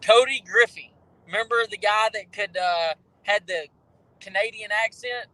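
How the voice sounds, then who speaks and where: A man's voice: sits high, normal speed, bright, forceful tone, dry recording, poor audio. A man chatting casually while riding as a passenger in a moving car, laid back and joking. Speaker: guest. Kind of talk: casual chat.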